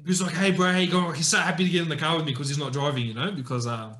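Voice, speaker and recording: A man's voice: on the high side, rapid-fire, echoey room. A man telling a story in casual chat on a podcast, acting out his friends' lines. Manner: animated, acts out friends' lines in raised voice. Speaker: podcast co-host.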